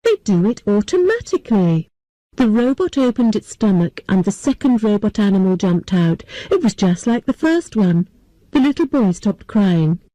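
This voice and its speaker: A woman narrating an easy story for English learners, every sentence short and clearly spoken. Her voice is soft and mellow, recorded close and completely dry. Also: mid-range voice, big pitch swings, moderate pace, no room sound, low-quality recording.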